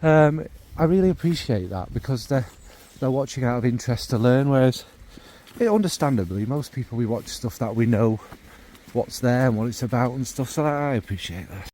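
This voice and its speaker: A fragrance vlogger chats at length to camera, rambling casually, warm and enthusiastic about scents. His medium-pitched voice has lively intonation and a normal pace, with a little hiss or hum on the recording.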